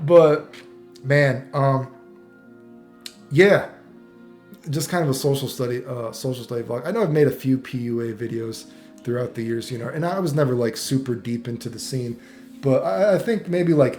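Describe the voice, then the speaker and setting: A man talks loosely to camera, swearing often and circling back with "you know what I mean". His mid-pitched voice rings around a roomy space. Faint music plays underneath. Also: darkish tone. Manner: rambling, profane, many fillers and restarts. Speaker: vlogger. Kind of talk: casual rambling commentary.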